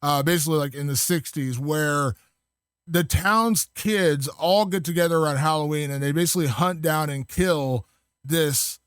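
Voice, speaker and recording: A man's voice: fairly high pitch, normal speed, fairly bright tone, clear, resonant tone, no room sound, studio quality. A man chatting casually as a podcast guest, enthusiastic and rambling, with many fillers. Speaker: guest film critic.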